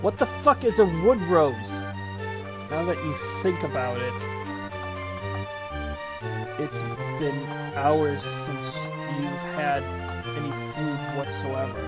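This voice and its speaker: Slow-reading woman gamer. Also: low voice. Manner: wry asides, swears. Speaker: gamer playing a text adventure. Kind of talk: reading aloud and commenting while typing. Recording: music playing underneath.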